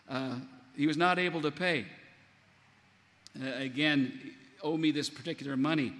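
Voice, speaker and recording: A man delivers a sermon in a somewhat high voice, animated and acting out the quoted lines. His voice rings with a long reverb, as in a large hall. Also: normal speed, long pauses. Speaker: pastor.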